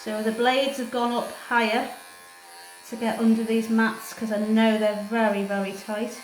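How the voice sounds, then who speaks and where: A woman, a cat groomer, soothing the cat in gentle cooing words and explaining her work as she goes. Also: a little high, little pitch movement, unhurried, slight background noise. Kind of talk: talking through a grooming session. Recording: roomy echoey grooming room.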